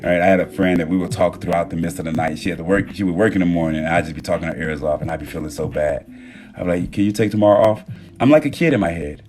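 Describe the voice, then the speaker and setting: A man with a lowish voice talks on a phone live stream, animated and profane, jumping from loud bursts to quiet murmurs. Music plays clearly behind him throughout. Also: very fast. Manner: casual and profane. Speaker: TikTok live host. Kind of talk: casual motivational monologue.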